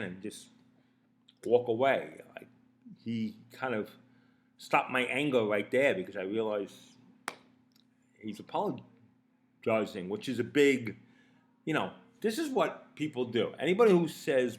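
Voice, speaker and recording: A man's voice: mid-range voice, animated, moderate pace. A man talking to camera in a rambling, casual monologue, blunt and profane, with frequent restarts and fillers. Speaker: vlogger.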